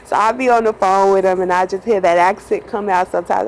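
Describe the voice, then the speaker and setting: A woman's voice: mid-range voice, steady tone, quick pace, slight background noise, rough recording. A woman who drives a bus, telling a personal story in a casual, chatty way, laughing often and acting out quotes. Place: in a bus at night.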